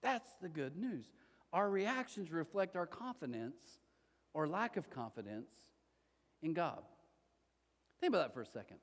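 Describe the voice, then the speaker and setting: Pastor guy preaching, high voice, jumps all over in pitch, echoey church hall. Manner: animated, conversational preaching with acted-out quotes. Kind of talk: sermon. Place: church auditorium. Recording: long hall reverb.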